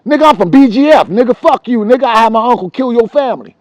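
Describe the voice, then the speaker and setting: Guy doing a cocky little kid talking tough about his scary uncle, gravelly, quick. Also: high-pitched, expressive, darkish tone, no echo, exaggerated voice. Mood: threatening. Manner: threatening, boastful. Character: boastful young boy bragging about a gang uncle.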